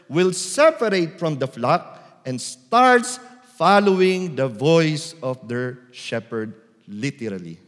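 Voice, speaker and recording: A man preaching a sermon as a priest, slow and deliberate, sometimes calling out loudly. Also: fairly high pitch. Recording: long church reverb.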